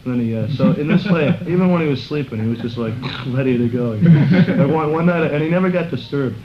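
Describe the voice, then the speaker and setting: A man's voice: fairly high pitch, brisk. A middle-aged man telling casual stories in a rambling way, using many fillers and acting out quotes in a raised voice. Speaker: interviewee recalling a friend. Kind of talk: casual storytelling. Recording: muffled recording with clear background noise.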